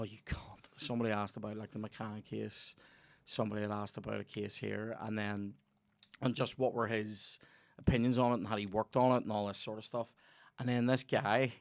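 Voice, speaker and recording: A man's voice: medium pitch, no echo. Swearing Northern Irish man telling stories. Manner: swears a lot, tells animated stories. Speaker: podcast host. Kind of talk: casual chat.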